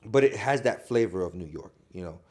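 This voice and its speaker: A man from Chicago, an actor guest on a casual podcast, telling animated stories and acting out quotes with frequent laughter. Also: on the low side, brisk. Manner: animated storytelling, acts out quotes, laughs often.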